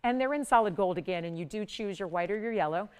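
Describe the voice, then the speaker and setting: A woman's voice: mid-range voice, animated, fast talker, darkish tone, clear, resonant tone. A middle-aged woman hosting a live TV jewelry shopping show, talking in chatty, upbeat sales patter. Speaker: home shopping host.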